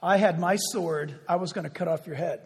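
Preacher as a grim sword-bearing angel, husky voice, reverberant hall. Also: male voice, on the high side, brisk, darkish tone, pitched below the performer's own voice. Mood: stern. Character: stern male angel with a sword. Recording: echoey hall.

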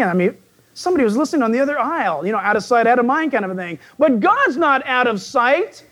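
A man with a croaky, frog-like voice, preaching a folksy sermon as a pastor who jokes and asks his listeners questions. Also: extremely high pitch, big pitch swings, quick pace, a bit bright.

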